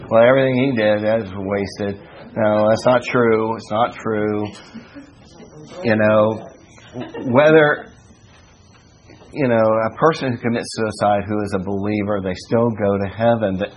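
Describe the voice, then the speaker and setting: A man teaching a Bible study in a folksy, joking way, full of "you know" and shifts between raised preaching and low asides. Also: steady tone, unhurried, highs cut off.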